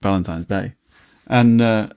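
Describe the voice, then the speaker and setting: A man's voice: fairly low pitch, a little slow, darkish tone, clean tone. A man co-hosting a casual podcast, teasing his co-host, laughing often and rambling through anecdotes. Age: adult, grew up before the internet. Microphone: studio mic on a desk.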